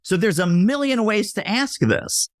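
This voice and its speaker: A man talks sales on a podcast with a lively, swooping delivery. He acts out little scenes of buyers and waiters and keeps checking in with "right?" The sound is close and dry. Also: sits high, a little slow, no echo. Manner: punchy teaching tone, often tags lines with "right?". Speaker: podcast guest, sales expert. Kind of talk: casual interview talk.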